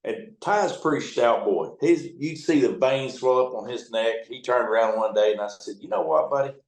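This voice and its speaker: A man's voice: medium pitch, moderate pace, darkish tone. A middle-aged man, a riverboat captain, telling blunt, profane, rambling stories in a casual interview. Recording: echoey room.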